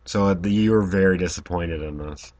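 A man's voice: sits low, brisk, muffled recording. A man co-hosting a podcast, chatting casually about movies and asking follow-up questions. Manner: relaxed, asks follow-up questions, laughs easily. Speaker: podcast co-host.

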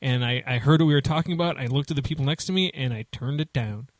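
A man hosting a casual podcast, talking in a rambling way full of fillers and false starts. His voice sits at an ordinary middle pitch, recorded close and dry. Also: quick pace, dry recording. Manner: rambling, many restarts and fillers. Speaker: podcast host.

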